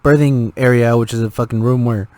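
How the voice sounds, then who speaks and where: A young man co-hosting a podcast, telling swear-filled stories in casual, animated chat. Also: mid-range voice, a little fast, no room sound. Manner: profane, animated storyteller. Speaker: podcast co-host.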